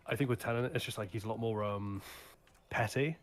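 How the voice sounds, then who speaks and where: A man chatting casually while playing a game with friends, rambling quickly from point to point. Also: lowish voice. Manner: fast, rambling, quotes lines in put-on voices. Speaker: co-host of gaming playthrough. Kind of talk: casual chat.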